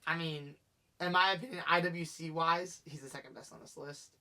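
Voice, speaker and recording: A man's voice: a little high, steady tone, normal speed, sharp tone. A man co-hosting a casual podcast, teasing and blunt in his trash talk. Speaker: co-host.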